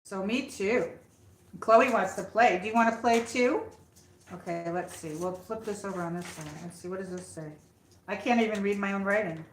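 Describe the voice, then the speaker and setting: A woman's voice: mid-range voice, moderate pace, roomy sound, slight background noise, rough recording. A woman hosting a casual livestream from her home, chatting with viewers and coaxing her dog. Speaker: livestream host. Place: room at home.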